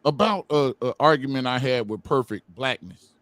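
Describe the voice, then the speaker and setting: Male panel guest, mid-pitch, defiant and profane. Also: moderate pace, a bit bright, no room sound. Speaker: co-host. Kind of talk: heated livestream talk.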